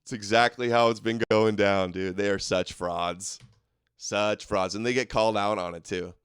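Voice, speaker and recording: Male host, live commentary; mocking and combative, smooth resonant voice, dry close mic. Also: on the low side, steady tone, moderate pace, a bit bright, dry recording.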